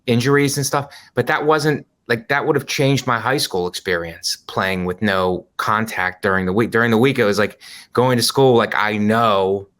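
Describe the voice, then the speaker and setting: A man with a low voice, talking casually on a podcast. He works through his points slowly, with many fillers and restarts. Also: fairly even intonation, fairly bright tone. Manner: rambling, filler-heavy explaining. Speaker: podcast co-host. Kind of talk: casual chat.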